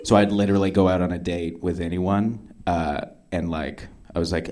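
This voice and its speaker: A man's voice: sits low, fairly even intonation, normal speed, hardly any pauses, darkish tone. A young man doing stand-up storytelling in a rambling, self-deprecating way, full of restarts and acted-out quotes of himself. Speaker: stand-up comedian.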